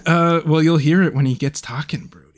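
A man's voice: fairly high pitch, fairly even intonation, fairly quick, a little hiss or hum. Laughing man in casual game chat. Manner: laughs often, teasing. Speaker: podcast co-host and player.

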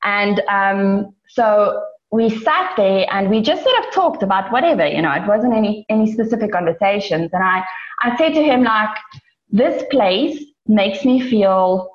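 A woman's voice: mid-range voice, a little slow. A woman from South Africa who runs an online business, telling a personal story in a chatty way with lots of fillers. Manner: chatty, many fillers, animated in retelling. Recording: roomy, dull lo-fi sound.

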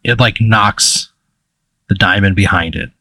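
Low-voiced man running a tabletop game. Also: pushed and bright, no echo. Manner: casual, halting, lots of fillers. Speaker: game master.

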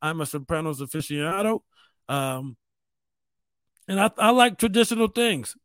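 A man's voice: fairly high pitch, animated, normal speed, fairly bright tone, dry recording. A man from New York State hosting a show, talking in a rambling, profane, self-mocking casual monologue. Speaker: podcast host.

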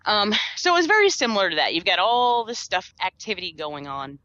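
Bright, lively woman podcast co-host. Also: mid-range voice, brisk. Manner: chatty, laughs often, trails off with fillers. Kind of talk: casual movie review chat. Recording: dull lo-fi podcast audio.

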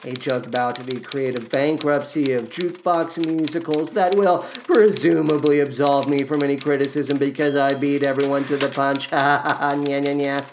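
A man's voice: mid-range voice, steady tone, moderate pace, few pauses, background noise. A man hosting a podcast, reviewing a musical in a sarcastic monologue full of mocking, jokey asides.

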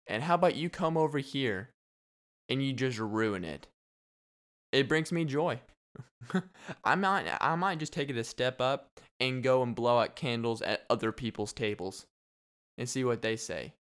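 Young guy riffing on his podcast, goofy and rambly, clean smooth voice. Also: mid-range voice, unhurried, fairly bright tone. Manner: rambling, jokey, laughs often. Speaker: podcast host. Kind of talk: casual solo podcast chat.

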